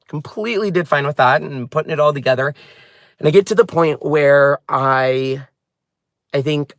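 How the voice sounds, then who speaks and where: A man hosting a crafting channel, telling a personal story in a halting, heartfelt way. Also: mid-range voice, a bit bright, no echo, clean studio sound.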